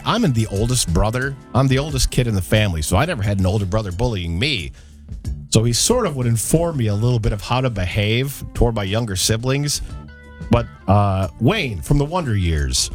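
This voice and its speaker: A man co-hosting a casual chat, telling lively stories and acting out quotes. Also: on the low side. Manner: animated storyteller, acts out quotes. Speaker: co-host.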